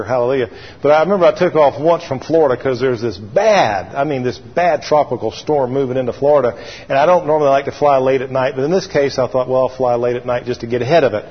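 A slightly rough, mid-range male voice leads a sermon with a folksy story, prompting the congregation to call back to him. It was recorded in a church sanctuary, sounding dull with a long hall reverb.

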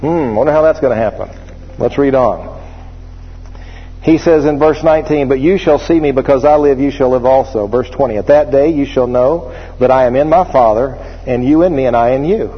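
A man preaching a sermon, working through scripture and telling humorous stories with acted voices in an animated way. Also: medium pitch, fairly quick, husky. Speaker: pastor. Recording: muffled, with long reverb of a large hall.

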